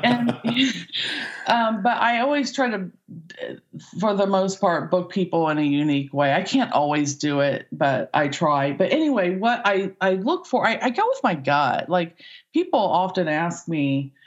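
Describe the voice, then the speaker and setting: A woman's voice: on the low side, animated, unhurried, muffled recording. A woman talent agent in a casual podcast interview, chatty and rambling as she tells stories about her work.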